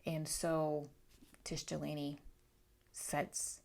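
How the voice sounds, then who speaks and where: A woman with a slightly low-pitched voice talks through her new books in a relaxed vlog. She is chatty and outspoken and drops in quick asides as she goes. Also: creaky. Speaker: book vlogger. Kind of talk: casual book haul vlog.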